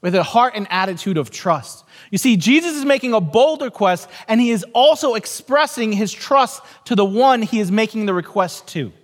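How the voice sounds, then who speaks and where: An earnest male pastor in his forties preaches in a church, repeating his key phrases and telling stories. His voice sits high for a man. A long reverb from the hall trails behind him. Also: expressive, normal speed, hardly any pauses. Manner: repetitive, earnest, storytelling. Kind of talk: sermon.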